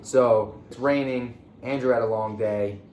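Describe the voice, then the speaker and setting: A man's voice: medium pitch, fairly even intonation, unhurried, darkish tone, roomy sound, dull audio, slight background noise. A young man from the Philadelphia area casually telling a story as a podcast host, laid-back, with lots of fillers and restarts.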